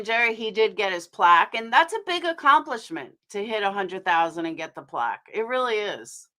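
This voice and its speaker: A woman's voice: a little high, sharp tone. A woman hosting a casual live stream, talking bluntly, swearing freely and rambling as she vents to her viewers. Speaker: livestream host.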